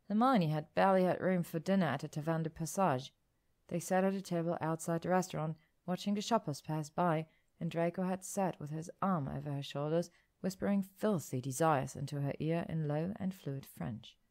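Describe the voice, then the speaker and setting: A woman narrating an audiobook story in a calm, even, descriptive manner. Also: low-pitched.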